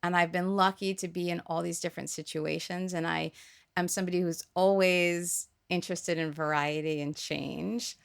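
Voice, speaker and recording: A woman hosting a podcast interview, chatty and upbeat, thinking aloud with quick asides. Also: on the low side, steady tone, creaky, clear, resonant tone. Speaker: podcast host. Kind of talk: interview conversation.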